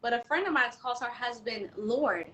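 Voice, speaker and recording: A woman guest on a talk show, outspoken and animated, sharing her opinions. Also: a little high, moderate pace, slight background noise, rough recording. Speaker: guest, doula and self-love specialist. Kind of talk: casual chat.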